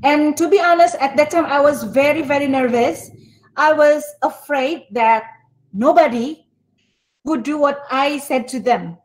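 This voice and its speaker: A woman lecturer with an Indonesian accent teaches over a video call, her voice sitting a little high. She talks expressively and slips between English and Indonesian as she guides her students. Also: measured pace, poor audio. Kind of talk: online class teaching.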